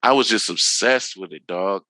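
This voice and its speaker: Animated man telling stories with slang. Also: lowish voice, normal speed, no room sound, poor audio. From Northern California. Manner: animated, acts out quoted exchanges, slangy. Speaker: podcast guest. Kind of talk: casual storytelling chat.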